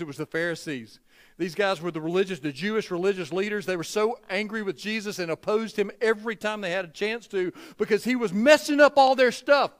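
An older man preaching a sermon to his church, folksy and emphatic, dropping to a hush and then building loud. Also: sits high. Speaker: pastor. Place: church sanctuary.

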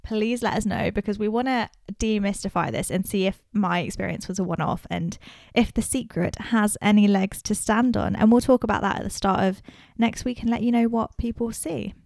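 A woman's voice: mid-range voice, moderate pace, vocal fry, darkish tone, no room sound. A woman co-hosting a podcast in casual chat, playful and self-mocking, recorded close and dry. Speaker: podcast co-host.

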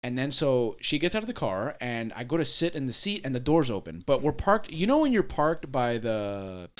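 A man's voice: mid-range voice, moderate pace. A man hosting a podcast, telling a story in casual chat, swearing and laughing as he goes. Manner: animated storyteller, swears a lot, laughs mid-sentence. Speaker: podcast host.

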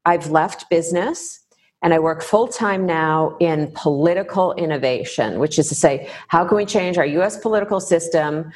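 A middle-aged woman from the United States, answering interview questions in a thoughtful, measured way with pauses. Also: deep voice, darkish tone, a little hiss or hum. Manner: thoughtful, measured, pausing to find words. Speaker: podcast guest.

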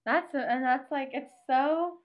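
A woman's voice: sits high, slow, dull audio. A woman interviewer asking questions in a casual, rambling way, leaning on "like" a lot. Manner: rambling, heavy use of "like".

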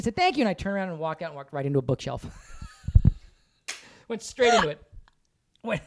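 Animated man telling stories. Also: high-pitched, fairly quick, long pauses, background noise. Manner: animated storyteller, laughing often and putting on voices. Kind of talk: casual chat.

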